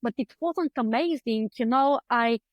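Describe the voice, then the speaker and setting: A clinical psychologist with an Eastern European accent joins an interview as a guest by video call from a book-filled room at home. Her high voice is unhurried, and the lo-fi sound is close and dry. She recounts her story conversationally, filling gaps with ums and acting out her earlier thoughts.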